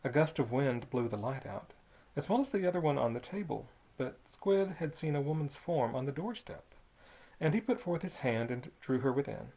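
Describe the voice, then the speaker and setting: Audiobook narrator, expressive, pitch moves a lot. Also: slightly rough. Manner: measured, expressive storytelling. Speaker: audiobook reader. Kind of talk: storybook narration.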